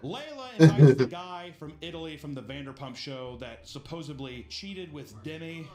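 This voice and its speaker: A man's voice: fairly high pitch, moderate pace, a crowd in the background. A man hosting a podcast, recapping and ranking a reality show in casual chat, opinionated and swearing freely. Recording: roomy echo.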